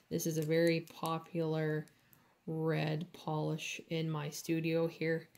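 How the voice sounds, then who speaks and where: A woman doing nails in her home studio, talking through each step in a casual, chatty way with lots of fillers. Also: fairly low pitch. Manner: slow, chatty, with many fillers. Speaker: nail artist. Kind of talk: casual tutorial chat.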